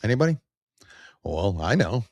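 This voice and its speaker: A man with a gravelly, creaky voice hosts a podcast, swinging his pitch widely as he delivers blunt, opinionated commentary. He reads viewer comments aloud in a dry, close recording. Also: big pitch swings, normal speed, dry recording. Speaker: podcast host. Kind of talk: casual political commentary.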